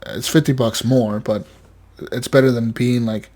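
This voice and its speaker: A man's voice: mid-range voice, steady tone, normal speed, a little mellow. A man co-hosting a gaming podcast, chatting casually and swearing a lot as he rambles and acts out quotes in mocking voices. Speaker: podcast co-host. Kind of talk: casual chat.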